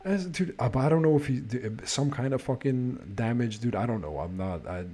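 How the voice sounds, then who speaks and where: A fairly quick-talking man with a warm, mid-range voice hosts a podcast and tells an offhand story. He curses without letup and restarts his lines, clearly exasperated.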